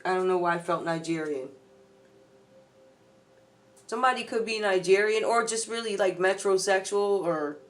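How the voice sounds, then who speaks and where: A woman doing a casual tarot reading, chatty and loose, talking straight to her viewers. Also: mid-range voice. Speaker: tarot reader.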